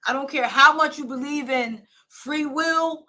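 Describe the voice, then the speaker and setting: Her voice sits high, pushed and bright, moving at a measured pace. She's a life coach hosting a show, streaming live through a phone or camera, and her motivational talk is blunt and emphatic, circling back to her points and asking more of listeners.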